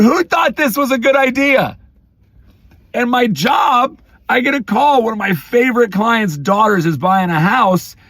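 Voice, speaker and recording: A middle-aged father venting in a rapid, exasperated storytime rant, breaking into shouted outbursts. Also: extremely high pitch, no room sound. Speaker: vlogger; father of four.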